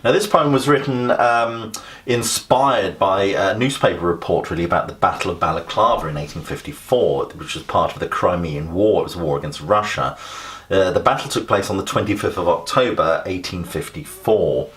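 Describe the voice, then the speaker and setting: A man with a low voice leads an exam revision lesson on poetry. He talks in a loose, conversational way, pausing on fillers and restarting his sentences. He sounds middle-aged and steady, like a teacher walking students through a text. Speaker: English literature teacher.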